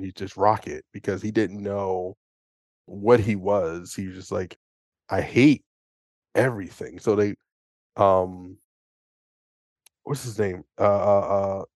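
A low-pitched man talks through a film in an excitable, rambling way, often slipping into quoted lines. His voice sits close and dry on the mic, with no room sound around it. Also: dry recording. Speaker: podcast co-host. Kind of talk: casual movie review chat.

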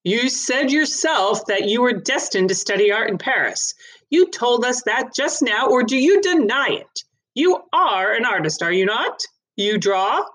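A woman's voice: a little high, lively intonation, unhurried, a bit bright, voice pushed up. A woman voicing a stern male court official who presses questions in a read-aloud story. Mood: probing. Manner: probing, pressing.

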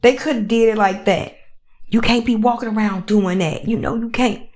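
A woman's voice: fairly high pitch, moderate pace. A woman hosting a podcast, talking casually and animatedly, repeating herself and acting out little voices. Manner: animated, repetitive, acts out voices. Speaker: podcast host. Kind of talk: casual commentary monologue.

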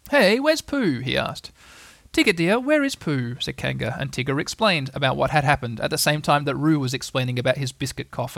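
A man's voice: fairly high pitch, a bit bright, no room sound. A man reading a children's storybook aloud as narrator. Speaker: audiobook reader.

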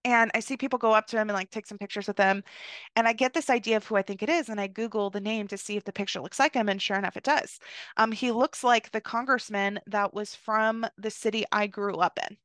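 A woman's voice: mid-range voice, fairly even intonation, fast talker, a bit bright, no echo. A young woman from the United States hosting a podcast, telling a story in a casual, chatty way, filling her speech with "like" and "you know.". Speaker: podcast host.

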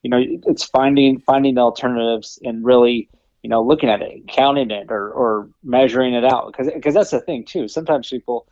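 A man's voice: mid-range voice, brisk, darkish tone, no room sound, lo-fi sound. A man co-hosting a podcast in casual chat, explaining earnestly with many restarts and tag questions. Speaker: podcast co-host.

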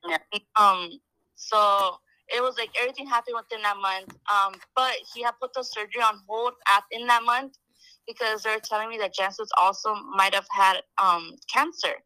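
A young woman chatting as a podcast guest. She tells her story in a loose, talky way, with lots of "like" and "um", and voices the people she quotes. Her tone is bright and clear, and she sounds close and dry, with no room echo. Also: mid-range voice, fairly even intonation, moderate pace. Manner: chatty, heavy on "like" and "um", acts out quoted dialogue. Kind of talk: casual storytelling chat.

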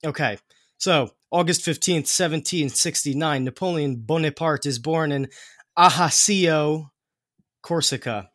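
A man's voice: medium pitch, fairly bright tone, dry recording, studio quality. A man hosting a podcast, explaining history in casual chat, with many fillers and restarts.

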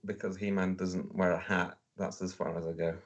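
A man's voice: deep voice, level tone, moderate pace, muffled recording. A man in casual podcast chat, dry and understated.

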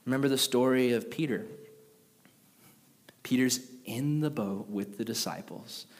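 A man preaching a sermon in a casual, conversational and animated way. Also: mid-range voice. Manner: conversational, animated, with acted quotes. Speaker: pastor. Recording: long reverb of a large hall.

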